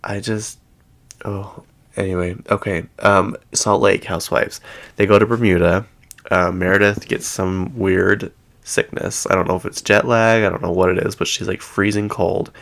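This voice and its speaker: A man's voice: sits low, little pitch movement, moderate pace, creaky, a bit bright. A man hosting a gossip recap from home, chatty and rambling, full of "like". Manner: chatty, rambling, heavy use of "like". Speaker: gossip show host. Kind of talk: casual reality-TV gossip recap.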